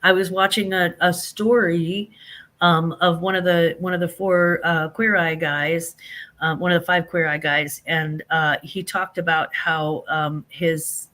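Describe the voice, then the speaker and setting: A man hosting a casual livestream, chatting animatedly with viewers and reading out their comments. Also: fairly high pitch. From Saint Louis. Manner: animated, chatty, drawn-out emphatic phrases. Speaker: livestream host.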